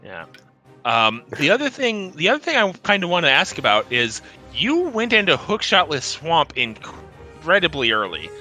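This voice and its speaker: Bright, chatty male race commentator. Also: fairly high pitch, wildly swooping pitch, normal speed, faint music behind. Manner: chatty, rambling, laughs often, many restarts. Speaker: race commentator interviewing the racers. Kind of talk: casual post-race interview.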